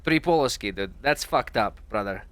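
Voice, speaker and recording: A man roleplaying in character in casual, profane chat, halting with fillers. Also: lowish voice, expressive, fairly bright tone, no echo. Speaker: roleplay player.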